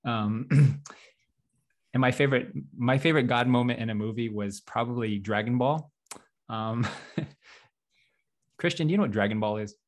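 A man's voice: mid-range voice, moderate pace, pauses often. A young man co-hosting a podcast, chatting casually, rambling with lots of fillers and little laughs. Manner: rambling, self-deprecating, laughs often, many fillers. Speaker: podcast co-host.

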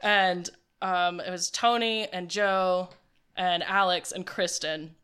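A woman's voice: on the low side, steady tone, slow pace, fairly bright tone, clear, resonant tone. A woman from the United States telling a story in casual, laughing chat with friends.

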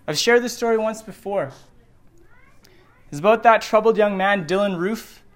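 A middle-aged pastor with a high voice preaches a sermon in a church sanctuary at a moderate pace, speaking earnestly and repeating phrases for emphasis.

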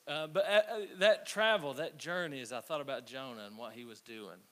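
A man preaching a conversational sermon, telling stories with halting restarts. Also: mid-range voice, pushed and bright. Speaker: pastor. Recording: faint hiss.

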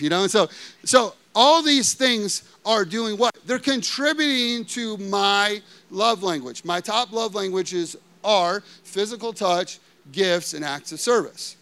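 A man's voice: high voice, unhurried, fairly bright tone, clear, resonant tone. A man preaching a sermon, telling personal stories in a conversational way with lots of filler words and questions to the audience. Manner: conversational storytelling with frequent "like" fillers.

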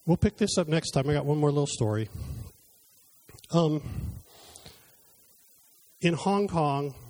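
A man's voice: a little high, unhurried, a little mellow. A man preaching a sermon in a conversational way, telling personal stories and acting out his talks with God, then leading a closing prayer. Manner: conversational, acts out his own exchanges with God.

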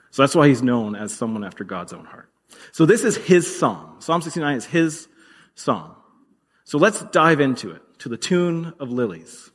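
A man's voice: a little high, husky. A man preaching a sermon in a conversational, earnest way, with dramatic readings of scripture. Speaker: pastor. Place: church hall. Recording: reverberant hall.

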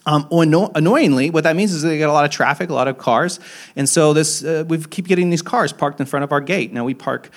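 A young adult man, a pastor, preaching a sermon in a candid, self-deprecating storytelling manner, with frequent restarts, moving between emphatic rises and quiet, low asides. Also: fairly quick.

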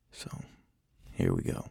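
A man's voice: dark tone, dry recording. Swearing man ranting in a closet studio. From lives in Portland. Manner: profane, ranting, wandering off on tangents. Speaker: podcast host. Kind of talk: casual rambling monologue. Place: small closet home studio.

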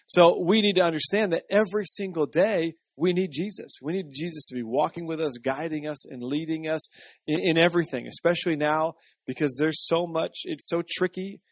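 A man's voice: fairly high pitch, a little fast, no room sound, clean studio sound. A man preaching a sermon in a conversational style, often checking in with the congregation. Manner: conversational, asks the congregation for responses. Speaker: pastor.

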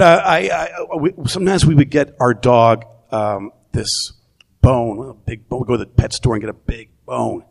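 Slow, gravelly-voiced male preacher. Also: mid-range voice. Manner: conversational, repeats words while thinking. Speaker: pastor. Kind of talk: sermon.

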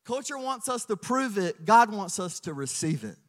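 A man preaching a sermon as pastor, telling stories with lively swings from hushed asides to loud emphasis. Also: sits high, moderate pace, big-room sound.

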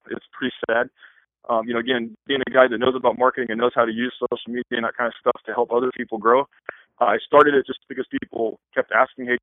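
A man who works as a wedding photographer, answering interview questions in a fast, rambling way with many restarts. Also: medium pitch, dry recording. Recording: tinny phone line.

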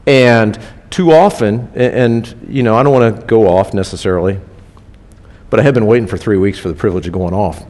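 A man's voice: fairly low pitch, fairly quick, darkish tone. A man preaching a sermon in a casual, conversational way, repeating key phrases for emphasis. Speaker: pastor. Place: church.

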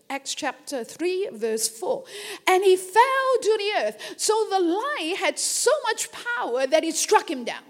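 Slow, high-pitched woman preacher. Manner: slow, emphatic preaching with repeated phrases and amens. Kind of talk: sermon.

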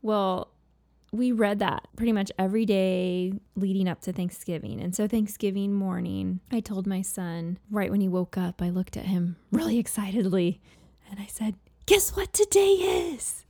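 A woman's voice: mid-range voice, normal speed, creaky. A woman guest on a parenting podcast, chatting casually and telling stories about her kids with animation. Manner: animated storyteller. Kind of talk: casual chat, anecdote.

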